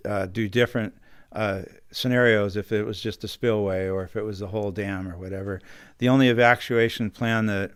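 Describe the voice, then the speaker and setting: A man's voice: fairly low pitch, clear, resonant tone, no room sound. A middle-aged man, a county supervisor, earnestly telling his story as a studio guest and acting out the phone calls he quotes. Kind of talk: recounting a personal story in an interview. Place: radio studio.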